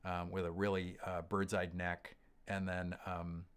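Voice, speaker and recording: A deep, low-pitched man talks through viewer questions on his livestream. He rambles casually, stopping and restarting often with ums, and sounds middle-aged and unhurried. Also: level tone, clean tone. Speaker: host of a gear livestream. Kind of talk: casual livestream chat reading comments.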